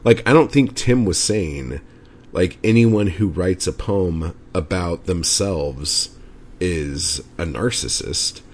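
A man's voice: low-pitched, expressive, takes it slowly. A man hosting a podcast, ranting casually and rambling with lots of swearing and filler words. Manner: profane, rambling, frequent "like" fillers. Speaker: podcast host. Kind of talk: casual solo podcast rant.

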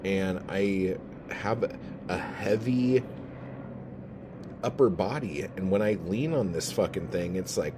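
A man's voice: low-pitched, slow pace, noisy background. A man hosting a podcast alone, sarcastic and swearing constantly as he rambles. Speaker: podcast host. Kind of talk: sarcastic profane podcast monologue.

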